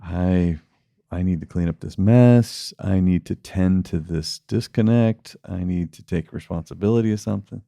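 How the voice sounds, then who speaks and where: A middle-aged man reflects in an unhurried, folksy way. His voice is very deep, gravelly and mellow. The sound is dry and close. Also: no room sound. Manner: reflective, folksy, affirming listener. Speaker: podcast co-host, father. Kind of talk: casual podcast chat.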